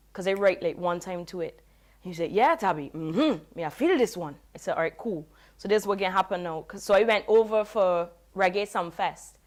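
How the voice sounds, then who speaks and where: A woman reggae singer, reflecting in a relaxed, casual interview. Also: lowish voice. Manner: relaxed, reflective, with many "you know" fillers.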